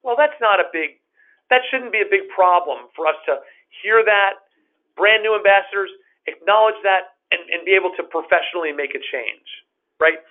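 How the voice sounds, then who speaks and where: Company executive, male, earnest, stumbles and restarts, speaks a touch high, heard over a narrow phone-line. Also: moderate pace. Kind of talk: explaining company policy on a web meeting.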